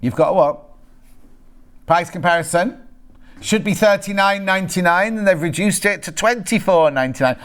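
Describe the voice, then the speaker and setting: A man with a high, slightly bright voice speaks at a moderate pace. He's fronting a live shopping show, announcing fabric prices through easygoing, humorous patter and bantering with crew members off camera.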